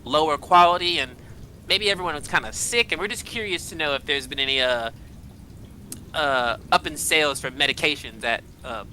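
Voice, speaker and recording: A man's voice: fairly high pitch, moderate pace, pushed and bright, a little hiss or hum, poor audio. A man playing a tabletop role-playing game in character, talking in a rambling, hesitant way with many fillers. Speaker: player.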